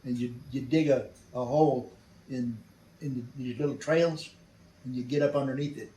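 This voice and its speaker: A man's voice: mid-range voice, steady tone, moderate pace, mellow, far from the mic. An older man telling his war experience in an interview, blunt and salty, chuckling as he goes. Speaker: veteran interviewee. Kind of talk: storytelling interview. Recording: roomy sound from off mic.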